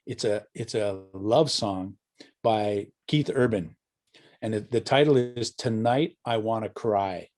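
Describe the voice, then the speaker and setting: Slow and fairly low, with a darkish tone, this hockey dad from Canada tells meandering stories as an interview guest. He keeps starting over, correcting himself, and laughing at his own tales.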